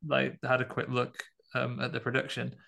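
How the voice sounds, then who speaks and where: A man with a gravelly, fry-touched voice talks through a film for a podcast. He is measured and thoughtful, weighing how general audiences will take it. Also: medium pitch, completely flat delivery, bright, forceful tone. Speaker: podcast co-host, film critic. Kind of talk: casual film review chat.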